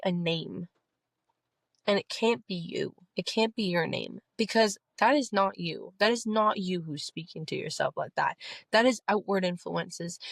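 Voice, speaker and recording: A woman's voice: lowish voice, fairly bright tone, dry recording. A young woman hosting a self-help podcast, talking straight to the listener in an earnest, coaching way. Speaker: podcast host. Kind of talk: motivational self-help talk.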